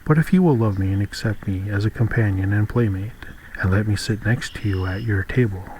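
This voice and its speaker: A man's voice: on the low side, a little fast, darkish tone, a little hiss or hum, natural voice, rough recording. A man voicing a persistent male talking frog in a storybook, earnest and coaxing.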